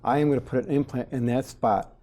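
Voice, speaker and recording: A man in his forties speaks as a dentist guest in a casual interview, with a warm, mellow tone. He explains things plainly and slips into little acted-out quotes of patients and staff, like an animated storyteller. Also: medium pitch, quick pace.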